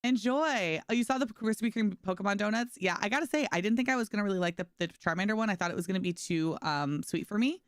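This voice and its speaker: A young woman streamer with a mid-range voice chats casually and bubbly with her viewers while playing a game, talking quickly with lively intonation and hardly any pauses. She addresses both chat and her dog, saying "like" a lot, and the studio-quality audio has no echo.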